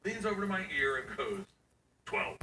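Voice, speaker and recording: A man's voice: fairly high pitch, moderate pace. A middle-aged man doing stand-up, acting out his daughters' voices as he tells the story. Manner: animated, acts out his daughters in quoted voices. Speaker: stand-up comedian. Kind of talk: stand-up set before a live audience. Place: comedy venue. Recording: echoey venue, distant mic, audience noise.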